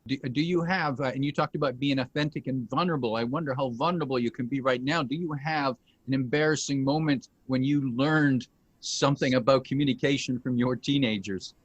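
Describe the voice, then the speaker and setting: A man hosting an interview, asking questions with halting restarts and chuckling along with his guest. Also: mid-range voice, slightly rough, no room sound, highs cut off. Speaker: interview host. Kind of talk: conversational interview.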